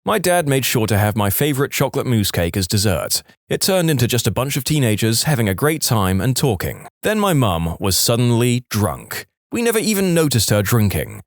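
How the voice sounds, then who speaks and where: A man reading internet stories aloud in an expressive, playful storytelling manner. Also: mid-range voice, dry recording, studio quality. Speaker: story narrator.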